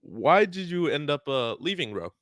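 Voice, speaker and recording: A man with a smooth, clear voice asks questions in a casual interview. The sound is dry and close. He keeps his lines short and matter-of-fact. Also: fairly high pitch, very animated, normal speed, fairly bright tone, no room sound. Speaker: podcast host, interviewer.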